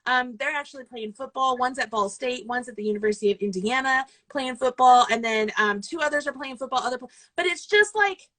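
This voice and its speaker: Bright-voiced emotional woman. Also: sits high, brisk, hardly any pauses, rough recording. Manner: emotional, tearful, rambling. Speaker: guest host, yarn business owner and throwing coach. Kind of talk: casual video chat.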